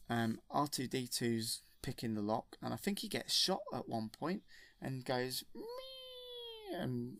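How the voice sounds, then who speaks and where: Rambling storyteller, gravelly edge, dry close sound. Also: male voice, mid-range voice, dry recording. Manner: rambling and enthusiastic, with self-corrections. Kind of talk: retelling a film from memory.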